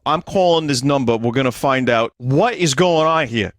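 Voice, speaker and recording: A man's voice: medium pitch, moderate pace, no echo. A man, chatting casually on a stream, rambling, correcting himself and swearing offhand.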